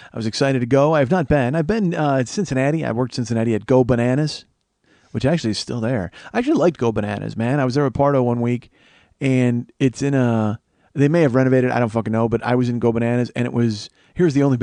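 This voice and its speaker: A man's voice: mid-range voice, fairly quick, mellow, dry recording. Man, comedian, podcast host, casual profane rambling monologue, dry close sound.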